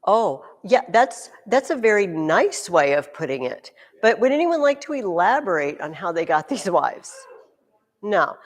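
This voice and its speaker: A woman teacher giving a classroom history lesson, telling the story in an animated, joking way. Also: mid-range voice, a little slow. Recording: echoey room with long reverb.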